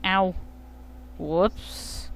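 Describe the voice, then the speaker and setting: A woman's voice: lowish voice, fairly even intonation, drawn-out words, creaky. Young woman streamer joking over a game. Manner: joking and self-mocking, reads game text aloud. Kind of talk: casual game commentary. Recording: faint game music behind.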